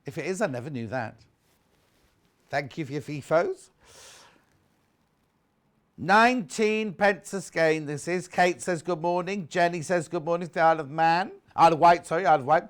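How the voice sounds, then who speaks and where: A man's voice: on the high side, normal speed. Chatty male shopping host. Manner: chatty, reads out viewer messages. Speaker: shopping channel presenter. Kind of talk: live TV shopping chat. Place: TV studio.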